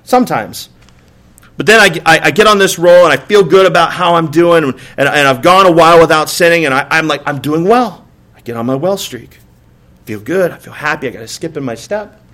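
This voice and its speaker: A man with a slightly high, pushed, bright voice preaches at a fairly quick pace from a church pulpit. Speaking conversationally as pastor, he leans on rhetorical "right?" questions and repeated words while acting out exasperated outbursts.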